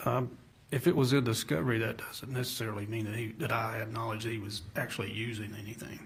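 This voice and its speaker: A man's voice: fairly low pitch, fairly even intonation, quick pace, vocal fry, a little hiss or hum. A man working as a police investigator, testifying as a witness in a courtroom and giving guarded, careful answers.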